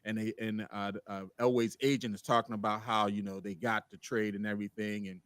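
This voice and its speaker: Animated man talking sports. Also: on the low side, brisk, clear, resonant tone, no echo. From Baltimore. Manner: animated, laughing, teasing banter. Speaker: sports podcast host. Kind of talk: casual sports chat.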